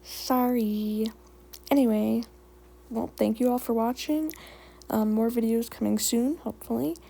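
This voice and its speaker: A woman's voice: on the high side, a little slow, vocal fry, rough recording. A woman reading her own fan fiction story aloud, then chatting casually and giggly with viewers. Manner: relaxed, giggly, self-deprecating. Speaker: fan fiction reader and channel host. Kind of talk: storytelling narration and casual sign-off.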